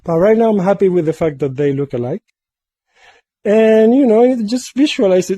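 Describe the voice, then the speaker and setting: A man chats through a sculpting vlog, playful and rambling, prone to silly sing-song repetitions. His voice sits somewhat high for a man yet sounds mellow and soft rather than bright. The sound is close and dry. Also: normal speed, no room sound. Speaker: mask sculptor. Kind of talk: casual workshop vlog.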